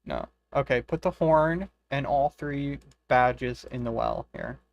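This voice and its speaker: A gravelly-voiced man commentating his own gameplay in loose, casual talk. He swears freely and laughs a lot, and he reads the on-screen dialogue aloud as he goes, at an ordinary middle pitch. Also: takes it slowly, muffled recording. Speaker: streamer playing a retro online game.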